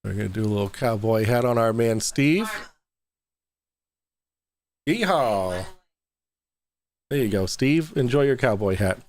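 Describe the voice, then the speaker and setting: A young man hosts a casual livestream in a loose, chatty way. He reads viewer donations aloud and swears offhandedly. His voice sits at an ordinary middle pitch. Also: brisk, few pauses, darkish tone. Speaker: livestream host.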